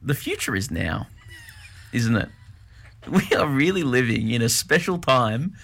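A co-host on breakfast radio, answering in quick, reactive replies during casual chat. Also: medium pitch, sing-song, vocal fry, a bit bright.

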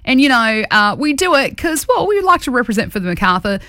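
A woman's voice: fairly high pitch, big pitch swings, fairly quick, bright, forceful tone, dry recording, clean studio sound. A woman with an Australian accent hosting a radio show in casual, chatty, jokey talk. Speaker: radio host.

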